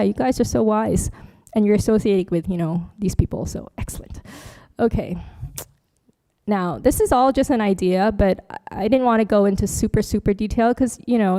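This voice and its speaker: A woman's voice: mid-range voice, dark tone. A woman, a Buddhist nun, giving a chatty, joking dharma workshop talk with slides. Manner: chatty, joking asides, laughs often.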